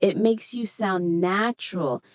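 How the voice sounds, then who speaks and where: A woman leads a scripted English lesson, taking her time over each phrase. Her voice sits at a middle pitch and every word comes out clear and deliberate. The sound is close and dry, with no room around it. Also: dry recording. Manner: slow, clear, deliberate delivery. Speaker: English teacher. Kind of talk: scripted teaching dialogue.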